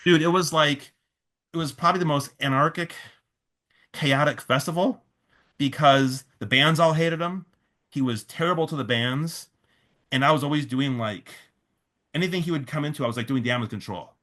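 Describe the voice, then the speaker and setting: A man's voice: on the high side, normal speed, long pauses, fairly bright tone. A man, a festival organizer, telling a long story in a casual interview, full of fillers and restarts, quoting others in his own voice.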